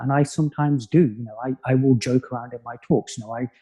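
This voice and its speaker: A man from the United Kingdom, a spiritual teacher, talking in a calm, musing way as a podcast guest, with many "you know" asides. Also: mid-range voice, fast talker, slightly rough. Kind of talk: reflective conversational podcast talk.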